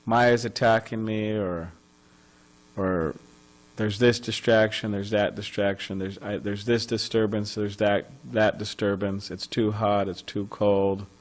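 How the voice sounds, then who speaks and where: A man's voice: on the low side, level tone, a little slow, rough recording. A man giving a scripture class at a temple, telling a story conversationally with many fillers and restarts. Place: temple hall.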